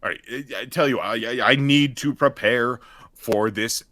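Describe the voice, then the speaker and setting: A man's voice: medium pitch, normal speed, sharp tone, no room sound, clean studio sound, pitched above the performer's own voice, natural voice. A man voicing an irritated college dean who talks in a curt, exasperated way during a tabletop role-play.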